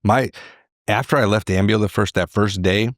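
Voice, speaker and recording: A middle-aged man, a podcast guest, telling a candid personal story in an animated way. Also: lowish voice, moderate pace, dry recording, studio quality. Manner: animated, acts out quoted voices.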